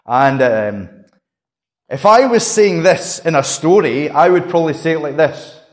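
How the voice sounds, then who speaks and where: A man preaching a sermon, swinging between raised, emphatic lines and quiet, hushed ones. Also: on the high side, lively intonation, unhurried. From Scotland. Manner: dramatic emphasis, rising to a shout and dropping to a hush.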